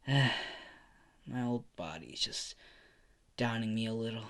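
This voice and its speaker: A man's voice: medium pitch, expressive, takes it slowly, fairly bright tone. Man rambling through a fan story. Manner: rambling, filler-heavy, casual. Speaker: narrator. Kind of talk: amateur fan story narration.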